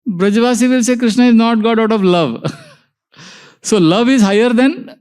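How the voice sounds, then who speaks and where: A man giving a devotional lecture, telling stories and acting out quoted dialogue, slowing down to stress key points. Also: very high voice, darkish tone, clean tone. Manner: storytelling, acts out quoted dialogue, slows for emphasis. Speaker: spiritual teacher. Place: lecture hall before a live audience.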